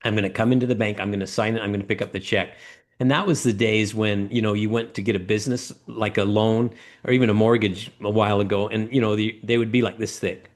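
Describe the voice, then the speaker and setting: A middle-aged man tells stories as a guest in an interview, his voice sitting low. He acts out the people in his anecdotes with lively jumps in pitch, and he often goes back and restarts a phrase as he talks. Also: fast. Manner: animated storyteller acting out quoted voices. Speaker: guest, former ladder company owner. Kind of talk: storytelling interview talk.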